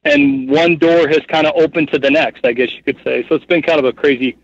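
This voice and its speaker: A man in his thirties, a podcast guest telling stories casually, rambling with lots of fillers in an animated way. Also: a little high, fairly quick. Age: 30s. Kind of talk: casual storytelling interview. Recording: dull, muffled podcast audio.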